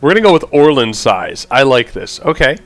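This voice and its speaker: A man hosting a let's play, chatting casually and reading game text aloud, thinking out loud and stumbling over unusual words. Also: mid-range voice, sing-song, fairly quick, dry recording.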